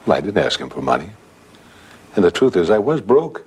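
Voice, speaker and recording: A man's voice: lowish voice, sing-song, brisk, darkish tone, slightly rough. An older man telling a ghost story from his own life in a conversational way.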